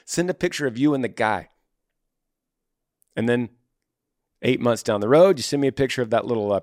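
Male host, casual advice talk, animated storyteller, dry close mic. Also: medium pitch, dry recording. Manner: animated, acts out little scenes in quoted voices. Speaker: host answering listener emails.

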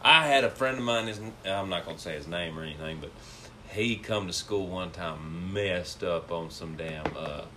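A man's voice: low-pitched, normal speed, sharp tone, a little hiss or hum. A young man, casually telling a rambling story and laughing through it.

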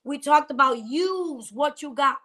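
A woman's voice: high voice, measured pace, pushed and bright. A woman pastor hosting a faith talk show, preaching fervently with emphatic repetition and frequent laughter. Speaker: pastor and host.

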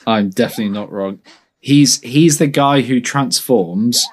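A man chatting casually while watching a film, animated and quick to laugh, often restarting his sentences. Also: medium pitch, husky. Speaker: film watch-along co-host. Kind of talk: casual reaction chat over a film. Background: faint film soundtrack music.

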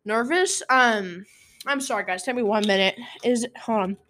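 A woman's voice: a little high, normal speed, fairly bright tone. A teenage girl hosting a casual storytelling podcast from a room at home, rambling, apologizing and getting sidetracked. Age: teens. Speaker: podcast host.

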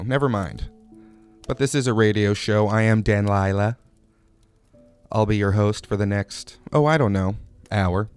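Male comedy host, lowish voice, deadpan absurd monologue, faint music underneath. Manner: absurd, drawling, playful asides.

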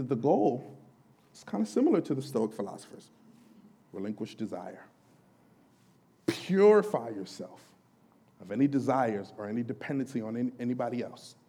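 A man preaching a sermon as lay pastor, animated and conversational, acting out questions to the apostle. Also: medium pitch, slightly rough.

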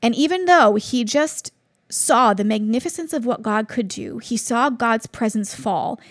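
A woman's voice: fairly high pitch, animated, a little slow, no echo, clean studio sound. A woman in her thirties hosting a devotional podcast, telling a personal story in an earnest, reflective way. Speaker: podcast host.

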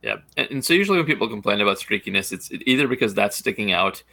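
A man's voice: fairly low pitch, expressive, quick pace, gravelly, sharp tone, no echo. A man co-hosting a casual baseball podcast, blunt and opinionated, with many fillers. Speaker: podcast co-host.

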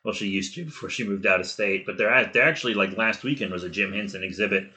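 A man, a player and co-host of a podcast, chatting about a tabletop session with quick, giggly asides. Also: fairly low pitch, sharp tone. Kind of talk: casual recap chat.

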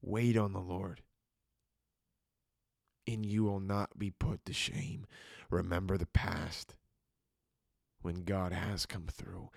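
A man preaching a quiet devotional sermon, speaking slowly and deliberately and often sinking into a whisper. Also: low voice, level tone, gravelly, dry recording, studio quality.

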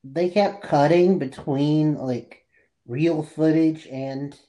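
A man co-hosting a podcast, talking casually about a TV series in halting, trailing phrases. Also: fairly high pitch, fairly even intonation, warm tone. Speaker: podcast co-host. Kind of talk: casual chat reviewing a TV series.

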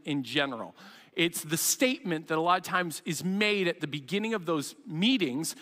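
Guy preaching from the pulpit, high voice, keeps repeating lines with punch, big echo trailing off. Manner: energetic preaching, repeats key lines, rising to emphatic. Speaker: pastor. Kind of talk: sermon. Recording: long hall reverb.

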